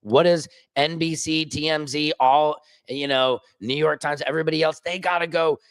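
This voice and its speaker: A man vlogging as an independent journalist, ranting casually and joking, swinging between high excited bursts and low mutters. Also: moderate pace, clear, resonant tone, no room sound. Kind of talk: casual vlog rant. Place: rooftop.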